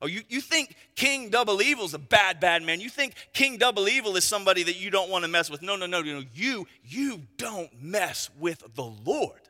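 A man's voice: sits high, quick pace, few pauses, sharp tone. A man, a pastor, preaching a sermon with emphatic delivery and frequent asides of "right?" to the congregation. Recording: long reverb of a large hall.

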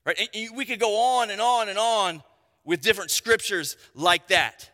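A man's voice: high voice, moderate pace, sharp tone. A man, a pastor, preaching a sermon with emphatic delivery and frequent asides of "right?" to the congregation. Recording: long reverb of a large hall.

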